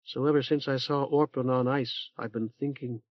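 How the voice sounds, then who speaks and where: Man reading a streetwise young woman, low-key, slangy, muffled old tape. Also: steady tone, normal speed, no echo, lightly acted. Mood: confiding. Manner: casual, confiding, slangy. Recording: dull dry tape transfer.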